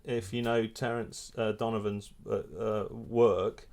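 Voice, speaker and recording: Animated man telling a story. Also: fairly low pitch, measured pace. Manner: animated storyteller, many restarts. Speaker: photographer and filmmaker. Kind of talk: casual anecdote in an interview.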